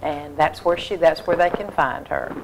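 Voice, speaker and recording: A woman speaks as a guest on a local TV show, explaining things earnestly and steadily. She uses lots of fillers as she goes. Her voice is somewhat low, with faint hiss behind it. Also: steady tone, normal speed, vocal fry. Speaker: humane society volunteer guest. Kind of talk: casual interview.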